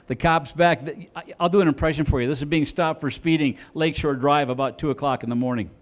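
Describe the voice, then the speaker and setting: Heavy background noise surrounds this Chicago comedian's club set, where he acts out police officers using loud sirens and mock accents. His male voice is a little high and steady in tone, and he talks fast.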